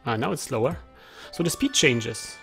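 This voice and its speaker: A man's voice: medium pitch, expressive, moderate pace, creaky, fairly bright tone, faint music behind. A man giving casual let's play commentary, chatty, thinking aloud and reading game text aloud.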